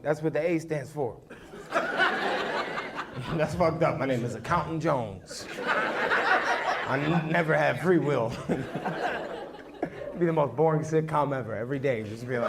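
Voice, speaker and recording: Crude high-voiced stand-up comic. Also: male voice, lively intonation, slow pace, long pauses. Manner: crude, self-deprecating, teasing the audience. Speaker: stand-up comedian. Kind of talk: stand-up set with crowd work. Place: small live comedy venue. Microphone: handheld microphone. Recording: noisy live room recording.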